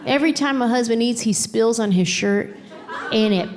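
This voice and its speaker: A middle-aged woman doing stand-up comedy on stage through a handheld mic, telling her stories in an exasperated, animated, playful way. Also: a little high, normal speed, background noise. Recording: live comedy show with laughing crowd. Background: audience laughter and applause.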